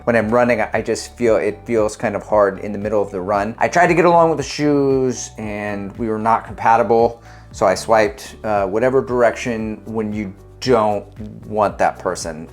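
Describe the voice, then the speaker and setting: A middle-aged man vlogging about running, talking casually and joking at his own expense, with fillers and restarts. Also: medium pitch. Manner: jokey, self-mocking, chatty with fillers and restarts. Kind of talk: casual chat to camera.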